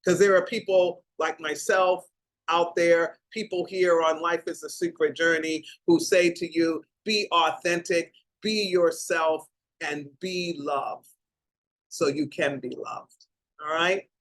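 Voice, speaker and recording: A woman's voice: fairly low pitch, fairly even intonation, slow pace, rough recording. An older woman hosting a heartfelt talk show, speaking in an emotional way and stretching out her words. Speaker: host.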